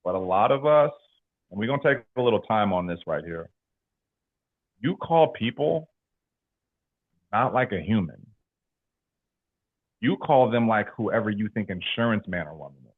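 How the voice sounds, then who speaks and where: Lively young man, tinny lo-fi sound. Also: fairly low pitch, normal speed, pauses often, breathy edge. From California. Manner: animated storyteller, slangy, laughs a lot. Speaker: insurance sales trainer. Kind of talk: motivational team talk.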